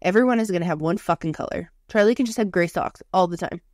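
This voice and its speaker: A woman's voice: fairly low pitch, fast, darkish tone, no room sound, clean studio sound. A woman in her thirties co-hosting a podcast in casual chat, talkative, swearing freely and filling with "like". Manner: chatty, swears freely, lots of "like". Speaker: podcast co-host. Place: lives in Canada.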